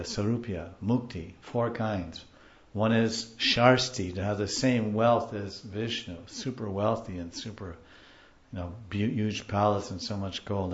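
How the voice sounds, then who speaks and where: Animated man teaching scripture, lo-fi sound. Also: lowish voice, reverberant. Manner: animated, repeats and explains terms. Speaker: spiritual teacher. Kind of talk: scripture class lecture.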